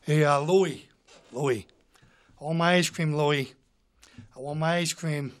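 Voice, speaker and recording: A man impersonating a gruff, menacing tough-guy movie star who keeps asking "huh?". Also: slow. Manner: low, growling, repeats "huh?".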